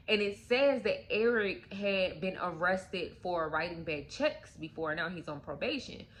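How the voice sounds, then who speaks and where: A woman's voice: mid-range voice, fairly bright tone, slight background noise. Chatty woman telling a story. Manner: chatty, filled with "like" and "you guys". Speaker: story time channel host. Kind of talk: casual story time retelling.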